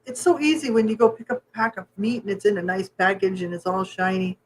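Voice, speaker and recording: A woman co-hosting a casual podcast chat who talks in a chatty way, laughs often and lets her sentences trail off softly. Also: mid-range voice, fairly even intonation, quick pace, slight background noise, low-quality recording. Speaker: podcast co-host.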